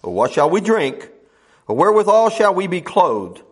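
Middle-aged preacher guy, folksy sermon, high voice that swoops all over. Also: sing-song, normal speed, slightly rough. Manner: folksy, swooping from loud highs to low murmurs; quotes scripture in old wording.

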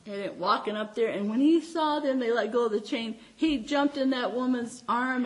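A middle-aged woman preaching to her congregation with a high voice. She tells her stories warmly and with feeling, her voice lifting and sinking, and she often breaks into laughter. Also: normal speed, few pauses. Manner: heartfelt, animated storytelling with frequent laughs. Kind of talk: sermon with personal stories.

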